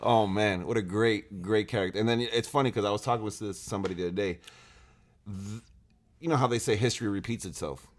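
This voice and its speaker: Male podcast host, low voice, laid-back, swears casually, studio mic. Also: fast talker. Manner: laid-back, profane, enthusiastic about movies.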